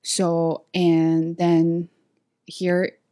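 A woman telling a story to camera in a vlog, hesitant with many fillers and restarts, animated when she acts out what others said. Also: fairly low pitch, drawn-out words. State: sweaty after a walk. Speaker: vlogger.

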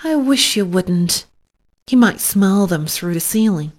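A woman's voice: medium pitch, animated, measured pace. A woman voicing a shy, easily flustered young male pig. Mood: alarmed. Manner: timid and anxious.

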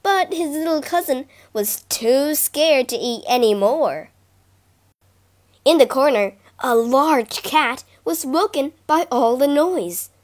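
High-voiced woman reading kids fables, slow and expressive. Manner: expressive, animated. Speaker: storyteller. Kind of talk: storybook reading.

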